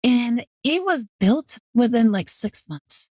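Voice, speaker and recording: A woman streamer telling a long story in casual chat, her voice sitting a touch high. She rambles and leans on "like" constantly, sinking lower whenever she imitates someone. The sound is dry and close, with no room around it. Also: lively intonation, a little mellow, no room sound. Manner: rambling, fills every pause with "like"; acts out quoted people in a lower voice. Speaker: VTuber streamer.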